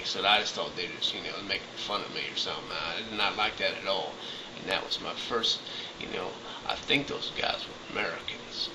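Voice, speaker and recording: Brief: low-voiced male trucker, indignant comedic rambler, noisy background. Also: normal speed, far from the mic. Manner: indignant, rambling, clueless bluster. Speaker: truck driver.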